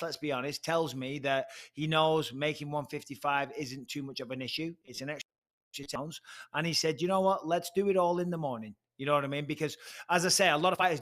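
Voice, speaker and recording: A man giving casual fight analysis, animated and playful, who acts out the people he talks about. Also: on the high side. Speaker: pundit.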